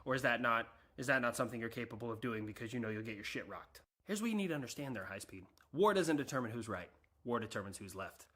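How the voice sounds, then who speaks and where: Man doing a gruff, cocky Uncle Sam. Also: medium pitch, lively intonation, quick pace, fairly bright tone, voice pushed down. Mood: menacing. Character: brash swaggering male Uncle Sam superpower.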